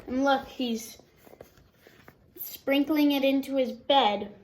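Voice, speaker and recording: High-voiced woman reading a picture book. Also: slow pace, low-quality recording. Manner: expressive, explains words to young listeners. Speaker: storybook reader.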